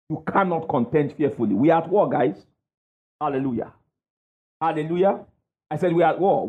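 Emphatic high-pitched preacher man. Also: a little mellow, breathy edge. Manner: emphatic call-and-response, asks the crowd "what?". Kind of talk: sermon. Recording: dull lo-fi sound.

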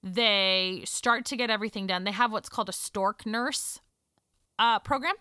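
A woman in her thirties telling a personal story in casual chat, animated, hushing for the tender parts. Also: medium pitch, normal speed, clear, resonant tone, no echo, studio quality. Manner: animated, drops to a hush for emotional moments.

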